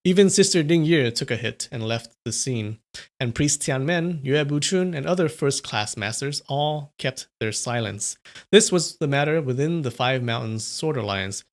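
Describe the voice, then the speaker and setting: A man reading a translated martial arts novel aloud on a livestream, steady, with small slips and corrections. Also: medium pitch, moderate pace. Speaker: reader on a livestream.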